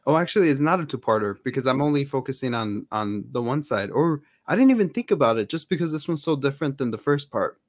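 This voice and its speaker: Fast and with hardly any pauses, this man talks with lively intonation at medium pitch, in clean studio sound free of room noise. As a podcast co-host in casual fan chat, he rambles with many fillers and restarts.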